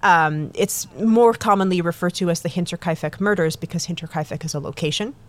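A woman's voice: lowish voice, a little fast. A woman hosting a true-crime podcast in casual chat, giggly and self-deprecating, rambling with many restarts. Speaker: podcast host.

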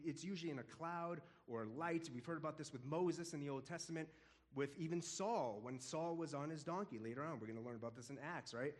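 A man teaching a casual Bible study in an animated, conversational way, often chuckling. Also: a little high.

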